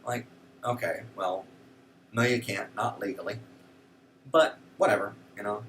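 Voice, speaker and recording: A man's voice: fairly low pitch, measured pace, recorded from a distance, a little hiss or hum. A man hosting a show, giving casual, indignant political commentary with lots of fillers. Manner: animated, indignant, frequent fillers. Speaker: show host.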